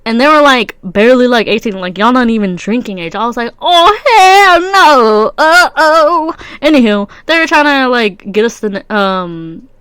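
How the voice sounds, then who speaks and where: A woman's voice: a little high, lively intonation, a little fast, hardly any pauses, fairly bright tone, clean tone, dry recording. A young adult woman with a stuffy nose, hosting a rambling, slang-heavy solo podcast. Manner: slangy and rambling, many fillers. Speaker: podcast host. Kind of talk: casual solo podcast chat.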